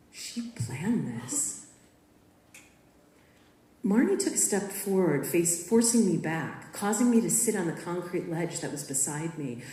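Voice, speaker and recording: A woman reads her personal story aloud at a school writers event, lifting and dropping her voice to dramatize it. Her voice is low. The sound rings in an echoey hall. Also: a little mellow. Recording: echoey room.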